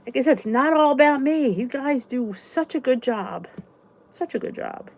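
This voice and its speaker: A woman chatting casually on a live stream, rambling from one thought to the next and stopping to read out her viewers' comments. Her voice sits a little higher than most women's. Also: expressive, normal speed, darkish tone. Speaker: vlogger hosting a live support chat.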